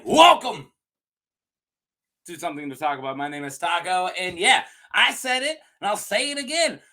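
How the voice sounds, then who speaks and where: A video creator with a medium-pitched, slightly bright voice talks to his viewers in an unedited, rambling rant. He jokes and improvises as he goes, with restarts and laughs along the way.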